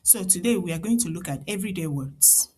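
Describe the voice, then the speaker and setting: A woman with an Igbo accent teaching a children's language lesson, repeating each word slowly so learners can echo it and encouraging them along the way. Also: on the low side, expressive, darkish tone, husky. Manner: slow, drilled repetition of words for learners to echo; encouraging, addresses children and parents directly.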